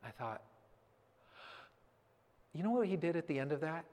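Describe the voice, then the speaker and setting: A man in his thirties tells a story to a church crowd in a fairly high voice. He acts out the scene vividly and turns earnest as he reflects on it. Long reverb from the big hall trails every phrase. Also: big pitch swings, normal speed, darkish tone. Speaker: speaker addressing a church audience. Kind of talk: personal story told from a stage.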